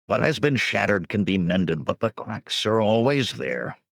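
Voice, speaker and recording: A man voicing a sorrowful one-eyed old warrior who speaks slowly. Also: fairly low pitch, big pitch swings, vocal fry, no room sound, clean studio sound, pitched above the performer's own voice, heavily acted. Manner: slow, sorrowful.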